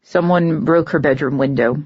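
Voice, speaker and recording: Brief: gruff middle-aged father, stern, lower and mellow, read by a woman, dull lo-fi audiobook audio. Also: normal speed.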